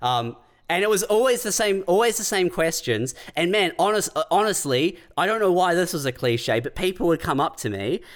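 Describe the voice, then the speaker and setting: A man, co-hosting a podcast, telling sweary, deadpan stories in casual comedic chat. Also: sits high, normal speed. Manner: sweary, deadpan storytelling with laughs. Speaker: podcast co-host.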